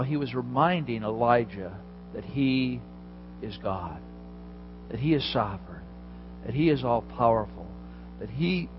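A man's voice: medium pitch, lo-fi sound. Man preaching a conversational sermon. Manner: conversational, vivid storytelling with asides to listeners. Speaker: pastor.

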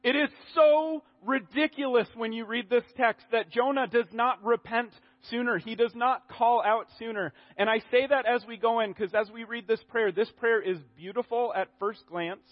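A man preaching a sermon in an animated way, acting out the quotes and often restarting his sentences. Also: very high voice, normal speed, few pauses. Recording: dull audio in a reverberant hall.

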